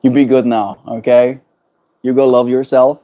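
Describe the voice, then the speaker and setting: A man with a South African accent chatting gently on a livestream, greeting viewers and laughing often. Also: medium pitch, little pitch movement, normal speed. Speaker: livestreamer reading chat. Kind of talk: casual livestream chat.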